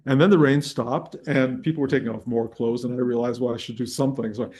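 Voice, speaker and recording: A man's voice: medium pitch, steady tone, quick pace, darkish tone. An older man teaching a spiritual group, telling a personal story in a rambling way with restarts and chuckles. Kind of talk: dharma talk to a live and online group.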